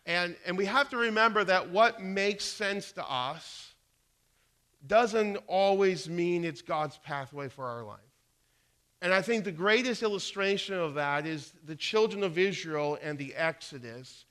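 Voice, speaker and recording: Bright-voiced male pastor preaching. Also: high-pitched, unhurried. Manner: conversational, storytelling, frequent restarts. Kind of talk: sermon.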